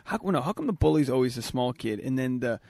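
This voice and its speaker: A young man with a gravelly voice rambles loosely through a podcast chat, often stopping and restarting his thoughts. The sound is dry and close, recorded outdoors at a yard sale. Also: medium pitch, animated, quick pace, a little mellow, no room sound. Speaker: podcast host.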